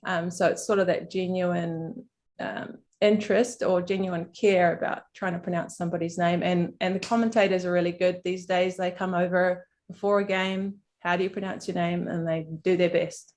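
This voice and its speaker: A woman cricket player talking casually on a video call panel, relaxed, with frequent fillers and restarts. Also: on the low side, normal speed.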